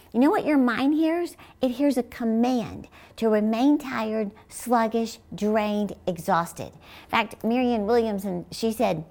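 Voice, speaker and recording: A middle-aged woman preaching a sermon in an emphatic manner, often rising to high exclamations. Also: expressive, measured pace, a little mellow.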